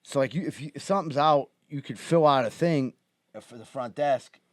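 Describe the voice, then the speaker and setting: Man, mid pitch, rambling casual stories, dry close mic. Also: moderate pace, dry recording. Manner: loose rambling anecdotes, laughs a lot. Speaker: podcast host. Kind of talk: casual chat.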